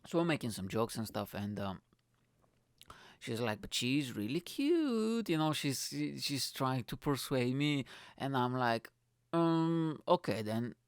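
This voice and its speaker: A young man, a comedian hosting his own podcast, telling a story in a rambling, swearing way and acting out his friends' lines in higher voices. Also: measured pace, smooth, dry recording, clean studio sound. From not from the UK, moved there at 21. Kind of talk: casual storytelling monologue.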